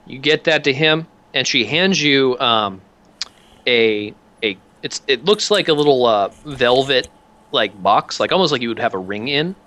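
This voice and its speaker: A man's voice: mid-range voice, animated, unhurried, bright, forceful tone. A man narrating as game master, describing scenes in a loose, rambling way. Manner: loose, rambling description with many fillers and restarts.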